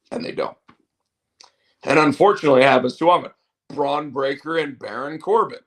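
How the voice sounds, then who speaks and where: A man's voice: a little high, brisk, pauses often. A man hosting a show, chatting casually in a rambling, opinionated way. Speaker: show host. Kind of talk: casual wrestling chat.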